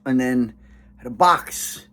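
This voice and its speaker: Tipsy man, casual unboxing vlog, rambling, muttering then exclaiming, mid-pitched voice. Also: takes it slowly, bright, forceful tone. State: tipsy after drinks. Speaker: vlogger.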